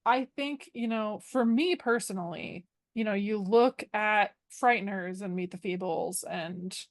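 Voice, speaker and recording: A woman's voice: mid-range voice, unhurried, no room sound. Playful woman in dry-sounding podcast chat. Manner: playful, jokey, trails off and restarts. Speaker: podcast guest.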